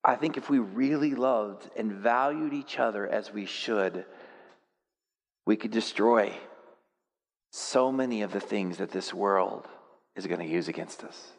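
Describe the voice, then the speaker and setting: Animated male pastor in a reverberant hall. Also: fairly low pitch, measured pace. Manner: animated storytelling, swings from quiet to loud; self-deprecating humor. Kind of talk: sermon.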